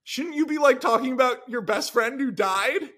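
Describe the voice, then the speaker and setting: A man's voice: very high-pitched, moderate pace, a bit bright, voice pushed up. A man voicing a young woman, an ex-girlfriend, who talks with disbelief and exasperation. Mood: incredulous.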